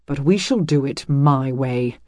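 A narrator voicing a proud, short-tempered medieval lord who speaks low and clipped. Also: male voice, a little slow, a little mellow, no echo, clean studio sound, lightly acted. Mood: gruff.

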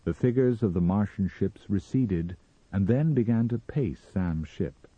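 A man narrating a story in a measured, expressive dramatic reading, on a slightly muffled recording. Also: on the low side, husky, no echo.

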